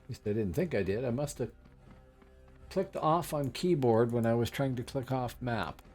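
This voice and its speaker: A game streamer delivers casual, rambling commentary on his gameplay, chatty and full of fillers and side remarks. His voice is medium-pitched and darkish at a moderate pace, with faint music behind him.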